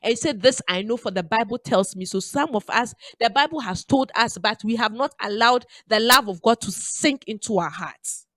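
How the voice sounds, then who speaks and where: A woman's voice: on the high side, expressive, normal speed, hardly any pauses, a bit bright, no echo. Woman on the radio preaching about love, emphatic, dry close sound. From Ghana. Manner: preachy, emphatic, repeats phrases. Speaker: radio show host. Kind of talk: motivational radio talk.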